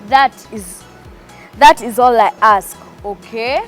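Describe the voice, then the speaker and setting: A woman voicing a gentle, fatherly God in a children's story, speaking calmly and patiently. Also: a little high, slow, soft background music. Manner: gentle, calm and questioning.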